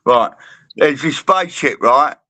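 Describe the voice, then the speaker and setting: A man's voice: medium pitch, lively intonation, measured pace, bright, forceful tone, no room sound. A man joining a casual online chat as a guest, full of jokes and banter. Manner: jokey, banter-heavy.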